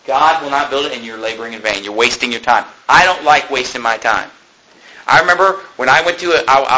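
A young man preaching a fiery sermon, joking one moment and shouting the next. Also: a little high, poor audio. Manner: impassioned, swings between joking and shouting.

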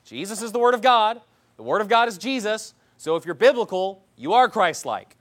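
A man preaching a sermon, combative and mocking, swinging between loud outbursts and low asides. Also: big pitch swings, moderate pace. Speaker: pastor.

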